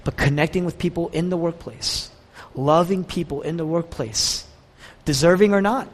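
Passionate preacher man in a reverberant church. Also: moderate pace. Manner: passionate preaching with wide swings of pitch and volume. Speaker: pastor. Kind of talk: sermon. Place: church sanctuary. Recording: church hall with long reverb.

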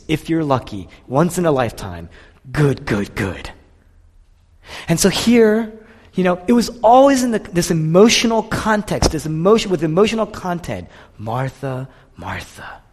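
A man preaching a sermon, emotional and expressive, rising to intense passages and sinking to soft ones. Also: a little high, in a large hall. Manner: emotional, builds to impassioned intensity then drops soft. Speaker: pastor.

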